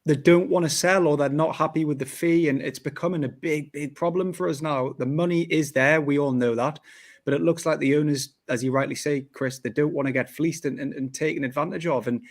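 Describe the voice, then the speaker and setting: A man's voice: on the high side, steady tone, fairly quick. A man co-hosting a football podcast in casual chat, emphatic and given to repeating phrases like "to be honest". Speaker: podcast co-host.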